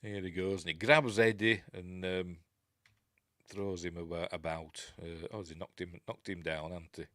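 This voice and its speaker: A man's voice: deep voice, level tone, measured pace, fairly bright tone, no echo, studio quality. A man with a Yorkshire accent hosting a casual film review, rambling, chuckling and often losing his place.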